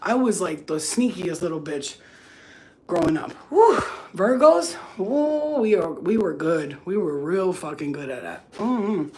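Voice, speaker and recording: A woman's voice: fairly low pitch, a little slow, slight background noise. Blunt, profane woman who laughs a lot. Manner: acts out quoted people in lively voices. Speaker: live-stream host doing readings. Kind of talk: casual chat.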